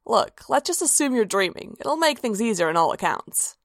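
A woman's voice: fairly high pitch, big pitch swings, normal speed, dry recording, voice pushed up. A woman voicing a playful, flirtatious male demon prince with a brash, teasing manner, recorded dry and close.

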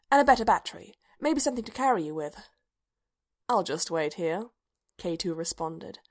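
A woman narrating a story aloud in a soft, even, quiet reading voice. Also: lowish voice. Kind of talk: audiobook reading of fan fiction.

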